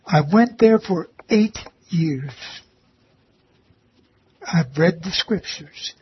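A man with a fairly high voice tells his faith testimony in an earnest, reverent way and repeats key phrases for emphasis. The recording is a little dull and lo-fi, with a faint hum of ambience behind him. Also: animated, extremely slow. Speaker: volunteer who read the Bible to elderly residents. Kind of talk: personal faith testimony, told as a story.

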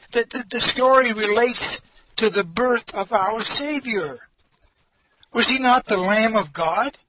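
A man's voice: sits high, muffled recording, noisy background. A man voicing a nervous, flustered woman who teaches Sunday school, stammering and pleading in a raised voice.

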